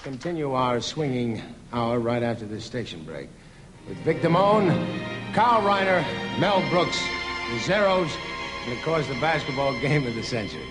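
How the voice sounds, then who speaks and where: A man's voice: medium pitch, big pitch swings, normal speed, loud music behind the voice. A man hosting a 1960s TV variety show, easygoing and slipping jokes into his announcements. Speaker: show host. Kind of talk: 1960s TV variety host patter. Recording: long theater reverb, audience and band behind.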